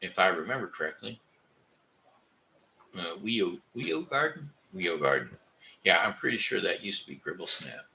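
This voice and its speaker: A man from Missouri, hosting a casual live stream and talking with his chat in a rambling, halting way full of fillers and restarts. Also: low-pitched, gravelly, bright, forceful tone, a little hiss or hum, rough recording. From Missouri, USA. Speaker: livestream host reading chat.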